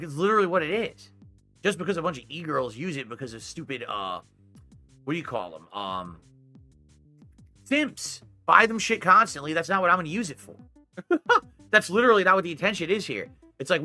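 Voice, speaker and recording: A man's voice: a little high, big pitch swings, quick pace, sharp tone, soft background music. A man from Connecticut streaming live, rambling defensively and answering his chat. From Connecticut, United States.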